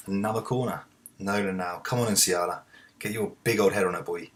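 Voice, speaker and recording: Deep-voiced man calling a game. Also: normal speed, slight background noise. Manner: talks to the players, swings from muttering to excited shouts. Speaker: let's play host. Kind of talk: live game commentary.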